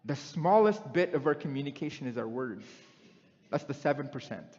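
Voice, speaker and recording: A man's voice: mid-range voice, animated, normal speed, a little mellow. Man preaching in an echoing church hall. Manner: conversational, asks the congregation questions. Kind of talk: sermon. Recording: dull sound in a long-echoing hall.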